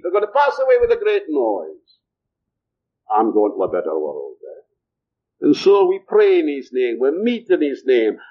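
Older Scottish-born preacher, rhetorical questions to the congregation, slightly high voice, dull old recording. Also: male voice. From Scotland. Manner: rhetorical, asks the audience questions. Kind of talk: sermon. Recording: muffled lo-fi recording.

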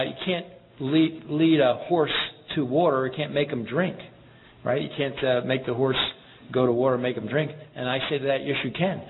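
A man preaching a sermon in an earnest, measured way, reading scripture passages aloud. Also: medium pitch. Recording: tinny phone-like sound with background noise.

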